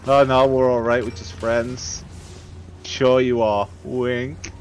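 A man's voice: medium pitch, level tone, slow pace, a little hiss or hum. A man telling teasing anecdotes while playing a co-op game with a friend. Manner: teasing, tells anecdotes with put-on quotes. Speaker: co-op game player. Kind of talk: casual storytelling while gaming. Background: game music and sounds.

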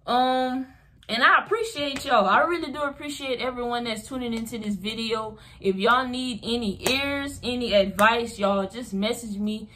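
A young woman talks straight to her viewers in a motivational vlog, repeating her points with emphasis and calling them y'all. Her voice sits a little high and comes across bright and forceful. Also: moderate pace, slight background noise. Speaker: vlogger.

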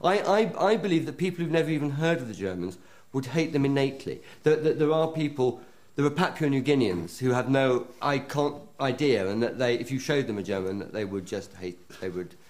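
A man's voice: mid-range voice, lively intonation, brisk, a little mellow. Stammering comic man in an interview.

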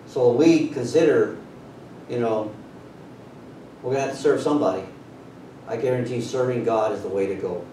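A man preaches in an unhurried way and leans on the key words. His voice is dark and mellow and a little raised in pitch. It comes from some way off the mic in a very echoey room with a faint rumble. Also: far from the mic. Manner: unhurried preaching with drawn-out emphasis. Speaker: pastor. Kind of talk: sermon.

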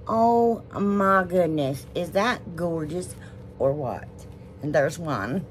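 A woman's voice: fairly low pitch, expressive, a little slow, slight background noise. A woman hosting a casual crafting vlog, rambling and gushing over what she shows. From United States. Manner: rambling, gushing, says y'all often. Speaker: DIY crafts channel host.

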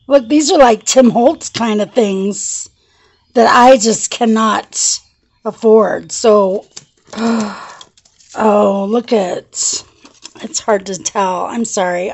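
Speaking slowly in a fairly high voice, this craft vlogger chats through a casual show-and-tell video. She gushes, laughs a lot, and trembles with excitement.

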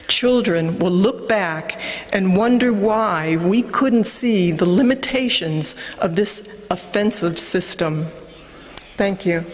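A woman reading a scripted narration in a slow, measured way. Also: medium pitch, in a large hall, a little hiss or hum.

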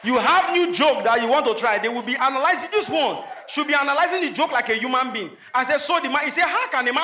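A Nigerian man performing stand-up comedy, his voice very high and bright as he drives each joke home. He drops into Pidgin asides and hits his punchlines at full volume. The sound is echoey, with a faint hiss behind him. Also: expressive, fast talker, few pauses, a faint crowd. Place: comedy stage before a live audience. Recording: echoey venue with faint noise.

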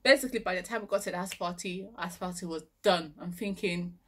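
A young woman from Nigeria telling a lively story, acting out her own panicked lines and laughing often. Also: on the low side, fast talker, slight background noise. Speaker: vlogger. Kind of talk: animated storytelling.

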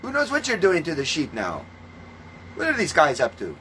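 A man preaching in a ranting monologue, scornful and full of swearing, moving between calm teaching and loud outbursts. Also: fairly high pitch, moderate pace, slight background noise, low-quality recording. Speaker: self-styled religious preacher.

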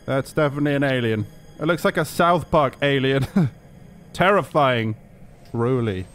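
A man's voice: medium pitch, animated, moderate pace, a bit bright, faint music behind. A young man giving casual, sarcastic gameplay commentary, swearing freely and yelping when startled. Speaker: gaming commentator.

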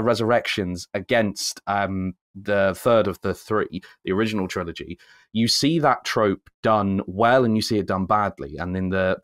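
A man co-hosting a podcast, ranting in casual chat and climbing high when he gets worked up. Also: dry recording, clean studio sound. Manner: animated ranting, rising high when excited. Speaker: podcast co-host.

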